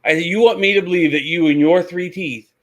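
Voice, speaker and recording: A man on a talk show, telling a lively anecdote and acting out the voices. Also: sits high, fairly quick. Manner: animated, acts out voices in anecdotes. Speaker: guest, reseller. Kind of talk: casual storytelling.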